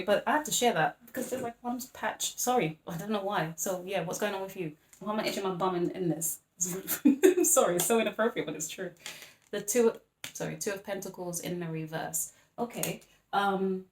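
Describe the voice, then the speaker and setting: A woman's voice: mid-range voice, roomy sound, slight background noise. A woman giving a casual, rambling tarot reading, chatty and full of apologetic asides. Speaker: tarot reader.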